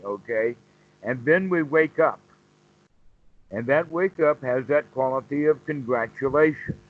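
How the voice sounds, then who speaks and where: Male meditation teacher, mid pitch, unhurried explainer, lo-fi call audio. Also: animated. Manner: slow, explanatory, repeats phrases. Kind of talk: dharma talk on a call.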